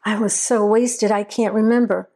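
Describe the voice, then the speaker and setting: A woman's voice: medium pitch, steady tone, moderate pace, dark tone, lightly acted. A woman voicing a volatile, angry young man on the run, swearing and snarling as he makes demands.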